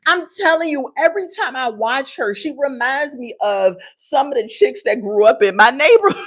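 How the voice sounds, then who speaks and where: A woman's voice: high-pitched, wildly swooping pitch, moderate pace. A middle-aged woman hosting a live podcast, giving sassy, casual commentary straight to viewers and laughing often. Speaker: podcast host reviewing a reality show.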